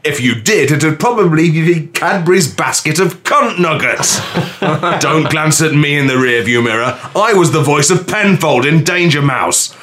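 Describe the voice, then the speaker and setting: Guy doing a snooty has-been voice actor yelling at a cabbie, boastful and rude, voice swinging all over. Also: a little high, expressive, unhurried. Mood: haughty. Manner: haughty, insulting, boastful. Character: pompous rude washed-up male voice actor in a cab. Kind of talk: improvised comedy bit.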